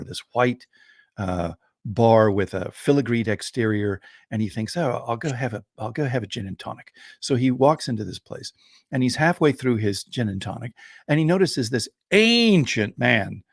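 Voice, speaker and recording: A man who is a podcast co-host and storyteller, telling a joke in a lively, chuckling way. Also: medium pitch, moderate pace, no room sound, clean studio sound.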